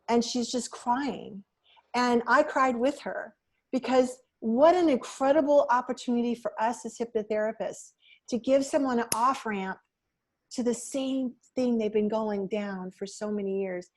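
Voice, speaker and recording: A woman's voice: fairly high pitch, unhurried. A woman being interviewed as a hypnotherapist. She tells client stories and personal experiences in an earnest, reflective way. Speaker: hypnotherapist guest. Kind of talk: conversational interview.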